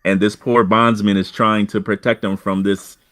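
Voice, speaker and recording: Halting deep-voiced game master, man. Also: flat delivery, fairly bright tone. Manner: halting, full of fillers and restarts. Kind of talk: narrating a tabletop game.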